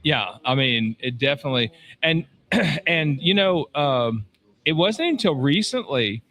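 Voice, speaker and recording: A man co-hosting a podcast, speaking casually and haltingly. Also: a little high, animated, a bit bright. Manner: halting, many fillers and restarts, laughs easily. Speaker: podcast co-host. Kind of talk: casual chat.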